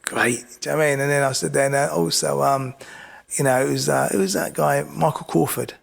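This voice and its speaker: This boxing coach, a guest on a podcast, tells stories casually in a gravelly, fairly high-pitched voice at a fairly quick clip. He's animated and keeps repeating "do you know what I mean."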